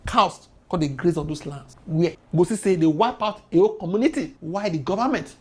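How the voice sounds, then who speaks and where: Nigerian woman commentator, husky voice, emphatic rhetorical delivery. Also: on the low side, a little fast. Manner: rhetorical questions, mixes pidgin, emphatic. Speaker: political commentator. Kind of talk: impassioned commentary.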